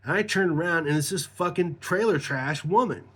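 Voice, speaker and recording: Middle-aged male storyteller, slightly high voice, casual, foul-mouthed, rambling. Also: normal speed, a bit bright, breathy edge. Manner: profane, rambling, laughs mid-story.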